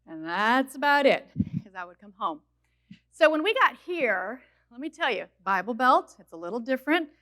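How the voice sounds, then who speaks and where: A woman in her forties from Minnesota giving a personal testimony at a college chapel, telling her story in a lively, conversational way. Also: a little high, normal speed. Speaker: chapel speaker.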